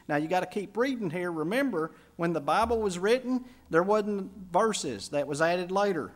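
A man, a pastor preaching a sermon, telling a story and building to emphatic peaks before dropping soft. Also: sits high, animated, normal speed, few pauses.

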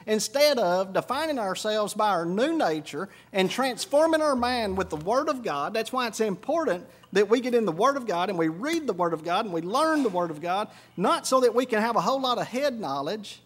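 A man preaching a sermon, swinging between quiet reflective stretches and loud, high emphatic bursts. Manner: preaching with sudden rises in pitch and volume. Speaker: pastor.

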